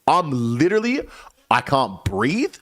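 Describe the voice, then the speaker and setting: A young man streamer telling a story in a casual way, animated and swearing a lot. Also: medium pitch, unhurried, no room sound, clean studio sound.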